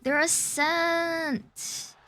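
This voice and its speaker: Woman streamer hosting a watch party; energetic, shouts at big plays, then chats casually about the match. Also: extremely high pitch, soft background music. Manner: loud bursts of cheering between quick analysis. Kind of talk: excited esports co-watching chat.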